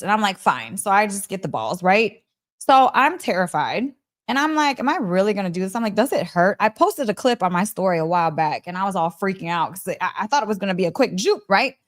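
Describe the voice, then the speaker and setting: A young adult woman telling a personal story to camera in a casual vlog, animated and laughing often. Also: mid-range voice. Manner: animated, laughs often, acts out quoted voices. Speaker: vlogger.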